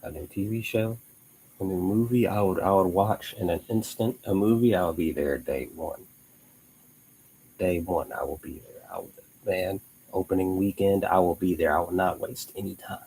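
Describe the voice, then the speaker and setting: A man's voice: deep voice, normal speed, darkish tone, a little hiss or hum, low-quality recording. A young man hosting a live online show, chatting casually in a rambling way with frequent restarts and laughs. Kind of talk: casual live-stream chat.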